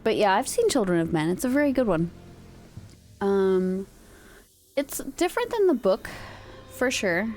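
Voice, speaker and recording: A woman's voice: medium pitch, very animated, a little slow, pauses often, a little mellow, soft background music. A woman streamer chatting casually in a rambling way, laughing easily. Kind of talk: casual chat.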